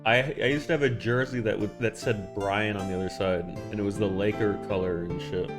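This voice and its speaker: A man's voice: lowish voice, fairly even intonation, a little fast, music in the background. Rambling, foul-mouthed male streamer. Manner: rambling, profane, talking back to chat. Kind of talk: casual live-stream chat.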